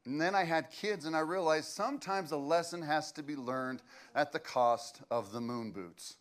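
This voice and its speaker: A man's voice: fairly high pitch, moderate pace. A man, preaching a sermon as a pastor and telling stories in a loose, conversational way with fillers.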